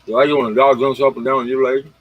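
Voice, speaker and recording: Husky, rambling late-night male streamer. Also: medium pitch, flat delivery, rapid-fire, lo-fi sound. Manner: rambling, slangy, talks straight to viewers, retells comedy bits. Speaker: livestream host. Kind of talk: casual late-night livestream chat.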